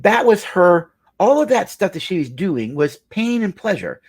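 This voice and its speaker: Middle-aged guy counselor talking to camera, husky voice, big swings up and down, emphatic like a preacher. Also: sits high, normal speed. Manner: animated, emphatic preaching delivery. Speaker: marriage counselor. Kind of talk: talk to camera, storytelling.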